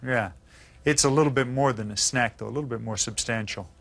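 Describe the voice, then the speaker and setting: A man teaching a recorded lesson to students, spelling words out slowly and patiently, with encouraging questions. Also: medium pitch, creaky, fairly bright tone. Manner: patient, slow enunciation of words. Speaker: Spanish teacher.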